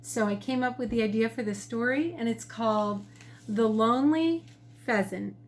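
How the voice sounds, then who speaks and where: A woman, a teacher, reading her own picture book to children from her home kitchen with gentle, expressive storytelling. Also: a little high, brisk.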